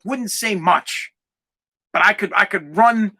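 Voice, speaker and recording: Forties guy doing a solo podcast, really bright sharp voice, pumped up and swearing a lot. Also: sits high, slow pace. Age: 40s. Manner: emphatic, profane and fired-up. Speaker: podcast host.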